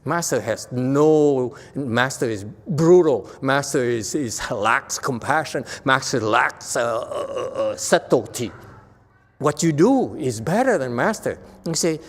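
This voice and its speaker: A man's voice: medium pitch, slow. A man, a Buddhist meditation teacher, giving a Dharma talk to a class, earnest and growing emphatic. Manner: earnest, grows emphatic and animated, with laughs. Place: temple hall. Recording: long reverb of a hall.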